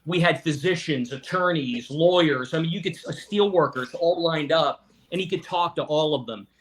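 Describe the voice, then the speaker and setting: A man's voice: on the high side, moderate pace, fairly bright tone. A middle-aged man from West Virginia, a guest telling his family story in an interview, earnest and often restarting his words. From Weirton, West Virginia.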